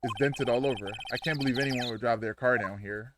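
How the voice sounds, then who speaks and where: A man's voice: mid-range voice, brisk, background noise. A male streamer reading game dialogue aloud and joking casually as he plays.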